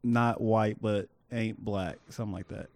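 A man's voice: lowish voice, fairly even intonation, a little slow, a little mellow, no room sound, studio quality. A man co-hosting a casual podcast chat, joking, needling and often laughing. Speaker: podcast co-host.

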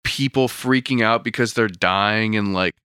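Laid-back young man recapping, bright and smooth. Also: fairly low pitch, measured pace, no room sound, studio quality. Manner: laid-back, profane, retelling scenes. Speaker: podcast co-host. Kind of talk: casual chat recapping a manga.

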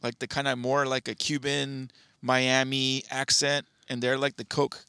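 A man's voice: mid-range voice, level tone, a little slow, bright, forceful tone, clean tone, dry recording. A man co-hosting a podcast in casual chat, laid-back and hesitant, trailing into fillers. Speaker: podcast co-host.

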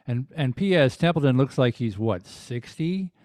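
Podcast guest, man, late fifties, from Tennessee; mellow tone, dry close mic, wry and rambling. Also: mid-range voice, lively intonation, moderate pace, no room sound. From American South, Tennessee. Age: 50s. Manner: chatty, wry, rambling with restarts. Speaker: guest musician. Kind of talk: casual podcast chat.

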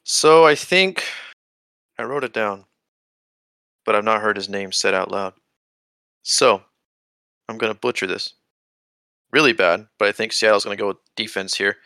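A hesitant, self-deprecating man co-hosting a casual podcast. His voice is gravelly yet crisp and bright, with a strong edge of fry. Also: on the low side, normal speed, pauses often, no echo, studio quality. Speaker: podcast co-host. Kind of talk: casual hockey podcast chat.

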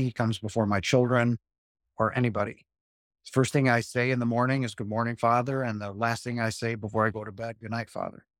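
A man's voice: medium pitch, dry recording, studio quality. A man in his fifties, a guest talking earnestly about spiritual experiences and repeating phrases for emphasis. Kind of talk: spiritual interview talk.

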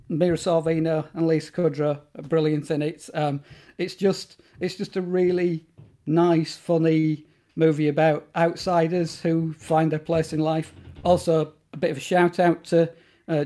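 A man's voice: fairly high pitch, warm tone. A man talking as a guest in a casual interview about horror films, enthusiastic and rambling, with plenty of fillers and restarts.

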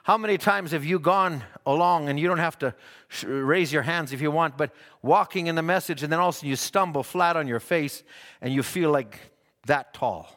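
High, bright-voiced preacher in a reverberant hall. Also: male voice, a little fast. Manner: earnest, with frequent stammered restarts. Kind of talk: sermon.

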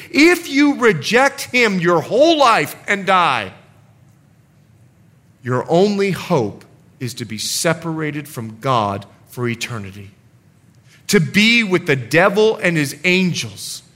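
A male pastor preaching with a high, bright voice that leaps up and down in pitch. He talks with an animated flair and acts out the scenes and quotes he describes, as a sermon does.

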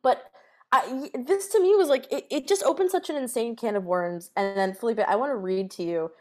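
A woman co-hosting a podcast in casual chat, animated and full of fillers and swearing. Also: fairly high pitch, a little fast. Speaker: podcast co-host.

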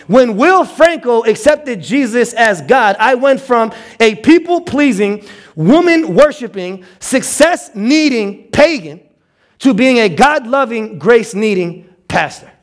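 A male pastor preaching with a notably high voice. He swings into quoted voices and repeats words as he pushes his points along. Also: a little slow. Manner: animated, acts out quotes with stammered repeats. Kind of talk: sermon.

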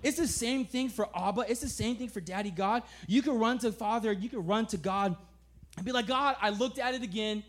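Young man preaching, slightly high voice, laid-back and animated, soft earnest stretches. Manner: casual, animated storytelling with laughs; drops to soft, slow, earnest tone. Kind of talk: sermon.

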